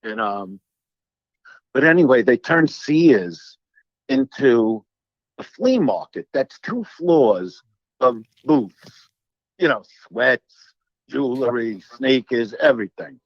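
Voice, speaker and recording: A man, a comedian telling profane, animated stories as an interview guest. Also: mid-range voice, slow, long pauses, no room sound, lo-fi sound. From Brooklyn, New York. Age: 60s. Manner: animated, profane, acts out quoted dialogue. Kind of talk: storytelling in an interview.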